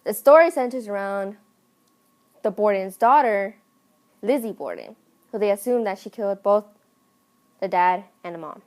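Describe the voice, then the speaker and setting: A woman telling a comic story in a casual, deadpan way full of slang. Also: mid-range voice, moderate pace, long pauses. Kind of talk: comedic storytelling.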